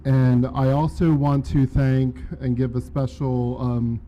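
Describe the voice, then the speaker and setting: A man giving formal acknowledgments at a conference, measured and careful as he reads out names. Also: medium pitch, little pitch movement, mellow, muffled recording, slight background noise. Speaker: conference presenter. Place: conference room.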